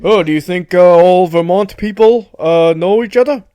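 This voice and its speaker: A man's voice: high-pitched, warm tone, clean tone, no room sound, natural voice. A man doing an impression of an elderly American politician who fumbles through vague boasts with constant "uh"s. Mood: bumbling. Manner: halting, full of "uh", vague boasting. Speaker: podcast co-host.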